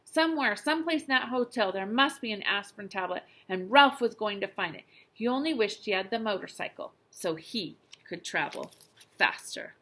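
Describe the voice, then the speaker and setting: A young adult woman, a teacher, reading a children's book aloud with expressive storytelling. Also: medium pitch, normal speed.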